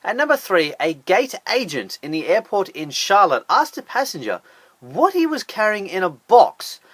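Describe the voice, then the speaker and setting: A man's voice: high voice, big pitch swings, moderate pace, a bit bright, slightly rough, no room sound. A man hosting a scripted top ten countdown, talking in a sarcastic, incredulous way. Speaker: host of a top ten list channel. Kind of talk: scripted list commentary.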